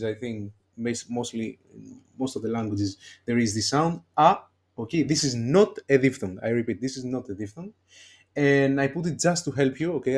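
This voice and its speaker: A man with a Greek accent teaching a beginner language lesson, talking slowly and checking in with "okay?" and frequent fillers. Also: mid-range voice, a little mellow.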